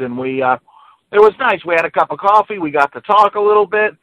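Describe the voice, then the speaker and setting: A man's voice: sits high, expressive, quick pace, dry recording, highs cut off. A man co-hosting a casual podcast, talking hesitantly and stopping often to search for words. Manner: hesitant, many fillers and restarts. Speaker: podcast co-host.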